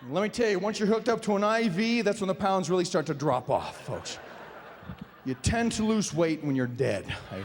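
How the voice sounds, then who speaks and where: Lively high-voiced wry male comic. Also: normal speed, slight background noise. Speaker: stand-up comedian. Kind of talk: stand-up comedy set. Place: large theater stage. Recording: live hall reverb, faint ambience.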